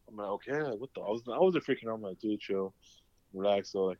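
A man's voice: fairly low pitch, animated, brisk, dry recording. A young man, hosting a casual podcast chat and telling rambling stories with plenty of swearing. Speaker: podcast host. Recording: dull lo-fi sound.

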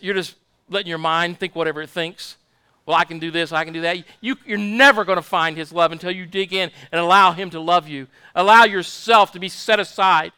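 A man's voice: high voice, sharp tone, smooth, dry recording. A man preaching a fervent sermon, repeating his points and asking the congregation for amens. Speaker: pastor.

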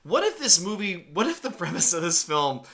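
A man's voice: high-pitched, sing-song, brisk, gravelly, bright, forceful tone. A man co-hosting a casual movie podcast, hesitant, repeating words as he works out an idea. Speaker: podcast co-host.

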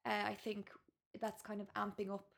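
A woman's voice: medium pitch, completely flat delivery, normal speed, vocal fry. An Irish woman in her thirties, a guest author talking frankly and casually on a podcast, full of "like" and "you know". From Ireland. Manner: frank and chatty, with lots of fillers like "like" and "you know".

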